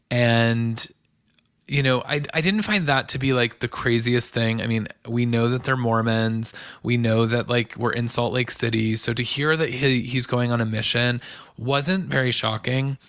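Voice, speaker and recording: Man, podcast host, chatty enthusiastic recap, creaky fry, very dry sound. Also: mid-range voice, a bit bright, dry recording. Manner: chatty and enthusiastic, gushing asides. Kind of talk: casual solo commentary.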